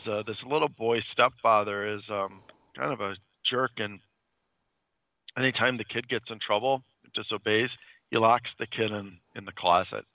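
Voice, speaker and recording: A man's voice: mid-range voice, no room sound. A man casually retelling a horror comic story, rambling with many fillers and restarts. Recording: dull dry lo-fi sound.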